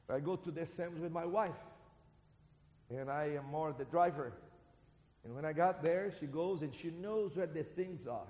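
Man, Brazilian accent, preacher, sermon, fairly high voice, long hall reverb. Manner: animated, swings between loud and soft. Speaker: preacher and seminary teacher.

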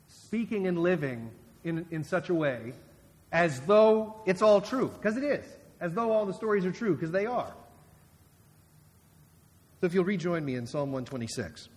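A man delivers a sermon in a relaxed, conversational way, stopping and restarting and turning to asides with the congregation. His voice sits a little high for a man. Long reverb trails after each phrase in the sanctuary. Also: moderate pace, pauses often. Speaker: guest preacher.

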